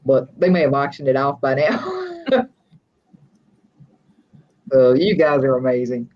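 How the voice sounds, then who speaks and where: A woman's voice: rumbling low, sing-song, unhurried, lo-fi sound. A woman from West Texas with a West Texas accent, hosting a casual livestream chat in a chatty, folksy way and laughing often. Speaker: livestream host.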